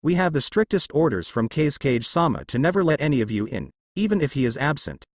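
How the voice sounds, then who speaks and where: A stern, hostile ninja commander who snaps out his words with scorn, as a man reads him. The delivery is animated and close to the mic in a dry, dead space. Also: mid-range voice, fast, dry recording. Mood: scornful. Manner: scornful, snapping.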